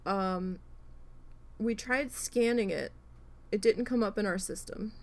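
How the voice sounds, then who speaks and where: A woman hosting a craft livestream, casually telling a story with animated swearing while she works. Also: medium pitch, takes it slowly. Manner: animated, profane, acts out quoted people.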